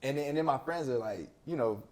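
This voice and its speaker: A man, a podcast guest, telling a personal story in a casual, slangy, animated way and acting out the voices of people he quotes. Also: medium pitch, fast talker.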